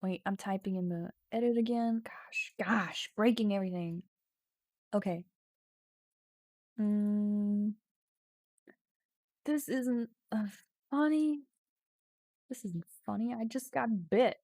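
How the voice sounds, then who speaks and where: A woman's voice: mid-range voice, takes it slowly, pauses often, mellow, dry recording. Woman streamer, non-native English speaker, casual chatter, reads lines aloud while typing, dry close mic. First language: not English. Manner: self-mocking, laughs often, reads story text aloud. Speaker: streamer playing an AI text adventure. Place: home streaming setup.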